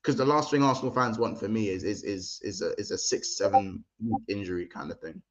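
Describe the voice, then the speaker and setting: A man's voice: lowish voice, fairly quick, highs cut off. A man hosting a casual football livestream, chatty and slangy, talking straight to his viewers. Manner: chatty, slangy, addresses the chat directly. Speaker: livestream host.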